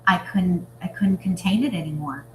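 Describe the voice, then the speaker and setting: A woman's voice: on the low side, moderate pace, a bit bright, slight background noise. Earnest woman guest in an echoey room. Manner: earnest, reflective, explanatory. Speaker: guest, business leader. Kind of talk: conversational interview. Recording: roomy echo.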